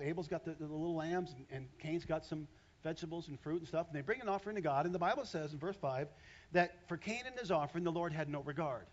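Preacher, fifties, male, animated sermon delivery, slightly high pitch, muffled recording. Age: 50s. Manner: animated, conversational preaching with acted-out voices. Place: church stage.

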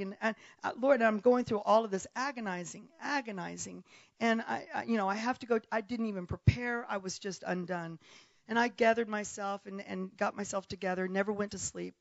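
A woman preacher tells a personal story from the pulpit, building to loud emphatic bursts and stumbling over quick restarts. Her voice sits mid-pitch and sounds dry and close, a little dull in the high end. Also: no echo. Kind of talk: storytelling sermon.

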